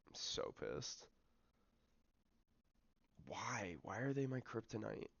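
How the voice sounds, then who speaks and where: An American man commentates his own football management game on a livestream, swearing in frustration and muttering as the matches play out. His voice sits low with a gravelly fry. The mic sounds dry and a bit muffled. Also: sing-song, slow, fairly bright tone, no echo. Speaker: streamer. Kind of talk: casual gaming livestream commentary.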